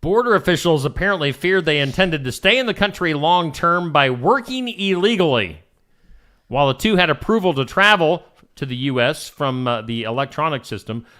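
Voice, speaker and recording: A man's voice: on the high side, sharp tone. A man with a Midwestern American accent co-hosting a morning show, reading news stories aloud with joking asides. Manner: reads news items aloud with asides and laughs. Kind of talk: casual radio news chat.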